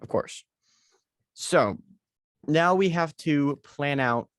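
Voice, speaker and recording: A man's voice: on the high side, slow pace, fairly bright tone, dry recording. A man co-hosting a podcast in casual chat, rambling and hesitant with many fillers, talking over a video call. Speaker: podcast co-host.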